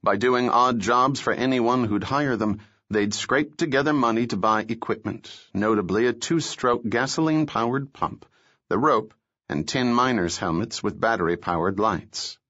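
A man narrating an audiobook in a steady, measured storytelling manner. His voice sits fairly low, and the recording sounds dull and lo-fi.

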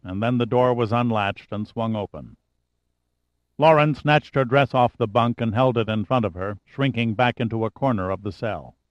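A man reading a novel aloud in steady, measured scripted narration. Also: medium pitch, no echo. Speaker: audiobook narrator. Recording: dry, slightly dull audiobook recording.

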